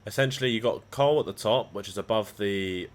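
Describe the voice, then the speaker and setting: Talking fairly quickly in a lowish voice, a trading streamer rambles on to his livestream audience, cursing freely in loose, profane banter.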